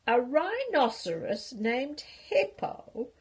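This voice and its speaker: Little storybook porcupine, shy and polite, lifted higher and husky, as an older woman puts him on. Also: big pitch swings, slow pace, full character voice. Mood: giggling. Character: small shy male porcupine, polite and gentle.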